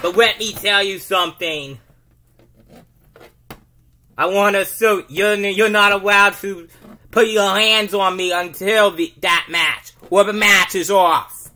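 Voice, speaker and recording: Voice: mid-range voice, steady tone, slow, slight background noise. Someone doing a smug, taunting wrestling champion. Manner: loud, taunting and demanding.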